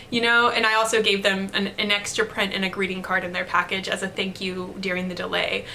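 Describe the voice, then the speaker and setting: Bright-voiced chatty young woman. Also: mid-range voice, fairly even intonation, a little fast, few pauses, a little hiss or hum. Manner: chatty, storytelling, with light laughs. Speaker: artist vlogger. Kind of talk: candid motivational talk to camera.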